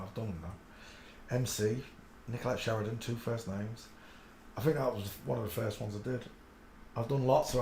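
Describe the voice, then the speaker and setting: A man talks his way through a solo livestream, mostly muttering low to himself. Now and then he breaks into loud, excited outbursts. He is blunt and crude, and the sound carries the echo of a roomy room with a faint hum underneath. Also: gravelly. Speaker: livestream host. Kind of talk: rambling solo livestream commentary.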